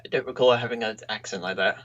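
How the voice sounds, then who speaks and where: A man's voice: fairly low pitch, steady tone, fast talker, a bit bright. Man chiming in on a podcast. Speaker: podcast co-host. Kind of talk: casual chat. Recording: muffled lo-fi mic.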